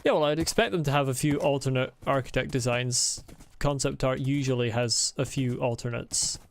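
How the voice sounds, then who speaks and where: A man's voice: medium pitch, normal speed, a little hiss or hum. A man hosting a let's play, giving casual gameplay commentary and muttering to himself in a wry, self-deprecating way.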